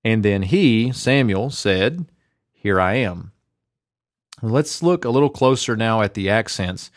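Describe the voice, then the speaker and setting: Man, deep-ish voice, methodical lesson explaining, dry recording. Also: expressive, slow, no echo. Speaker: Biblical Hebrew teacher.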